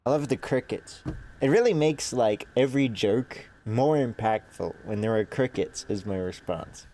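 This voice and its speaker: A man's voice: mid-range voice, expressive, normal speed, warm tone, slight background noise. A young man with a congested nose, rambling sarcastically in casual gaming commentary. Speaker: streamer.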